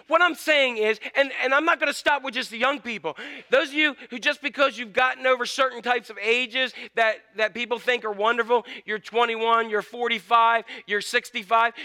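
Male pastor, high clear voice, animated sermon storytelling. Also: moderate pace. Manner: animated storytelling, acts out scenes.

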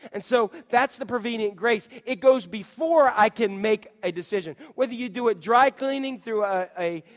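A male pastor preaches in a reverberant church, and his fairly high voice rings through the long hall echo. He tells stories with energy and slips into little acted voices. He talks straight to the congregation. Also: moderate pace. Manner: animated storytelling, acts out voices and shouts. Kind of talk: sermon. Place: church sanctuary.

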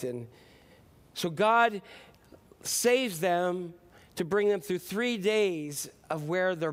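A male pastor preaching a sermon in a loose, conversational way, full of fillers and animated asides. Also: a little high.

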